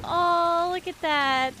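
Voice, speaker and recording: A woman streamer giving excited gameplay commentary, giggling and squealing as she gushes over how cute everything is. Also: very high-pitched, noisy background. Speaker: video game streamer.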